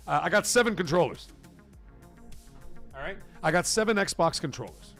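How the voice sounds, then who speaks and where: A man hosting a live stream, talking in a casual, emphatic and repetitive way, his voice getting hoarse. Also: on the high side, expressive, normal speed, pauses often, fairly bright tone, soft background music. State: voice going hoarse. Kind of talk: casual live-stream chat reading donations.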